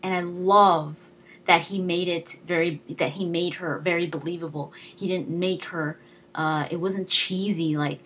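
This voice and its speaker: A woman's voice: lowish voice, fairly even intonation, unhurried, a bit bright, slight background noise. A young woman giving a casual, chatty movie review, enthusiastic and full of fillers and restarts. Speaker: video blogger.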